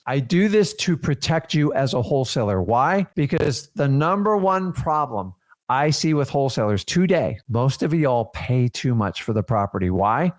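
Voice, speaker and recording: A man teaching a seminar as a real estate coach, talking energetically to his students and firing off rhetorical questions. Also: mid-range voice.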